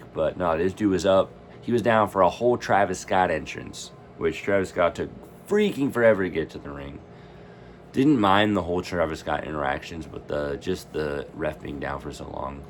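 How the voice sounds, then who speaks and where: A man's voice: deep voice, slight background noise. A man casually ranting in a reaction vlog, rambling and opinionated. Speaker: wrestling fan vlogger.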